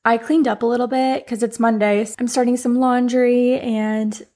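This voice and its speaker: Groggy, raspy-voiced young woman podcaster. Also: on the high side, level tone, moderate pace, dark tone. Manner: chatty, candid, frequent fillers. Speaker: podcast host and life coach. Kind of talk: casual solo podcast chat. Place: home room with heater and humidifier running.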